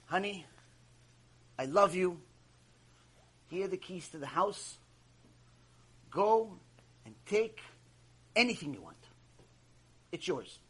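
Man playing a fretful husband, rule-bound, repetitive, husky. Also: extremely high pitch, big pitch swings, fast talker, exaggerated voice. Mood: tender. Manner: fretful, repeating himself. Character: middle-aged husband, anxious and rule-bound.

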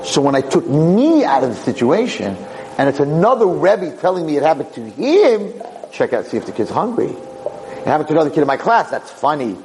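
A man's voice: fairly high pitch, big pitch swings, fairly quick, darkish tone, slight background noise, poor audio. A man, a rabbi and teacher, giving a storytelling lecture, acting out dialogue with emphatic repetition.

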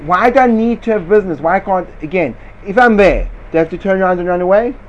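A man leads a Torah discussion with a combative, questioning drive, pushing back with one rhetorical question after another. His voice sits a little high for a man, and he slips Hebrew and Yiddish study-hall words into his speech. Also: lively intonation, fast talker, lo-fi sound. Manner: argumentative, fires rhetorical questions; sprinkles Hebrew and Yiddish yeshiva terms. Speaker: Torah teacher. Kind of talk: lively Talmudic-style discussion.

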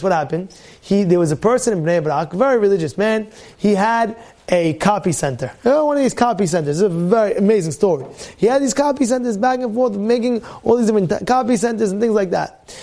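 Man, rabbi, weekly Torah talk, high voice, rhetorical questions, repeats himself. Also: lively intonation, fast talker, mellow.

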